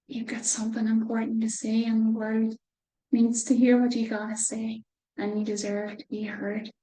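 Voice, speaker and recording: A woman reading a picture book aloud to children, gentle, with soft whispered asides. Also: on the high side, monotone, moderate pace, reverberant, low-quality recording. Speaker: children's storyteller.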